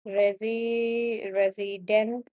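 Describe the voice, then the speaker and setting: Young woman, Indian accent, study stream, halting reading, very slow, dry sound. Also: medium pitch, little pitch movement, mellow, no room sound. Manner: halting, stumbling over words and names. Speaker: student streamer. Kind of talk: reading news aloud on a study live stream.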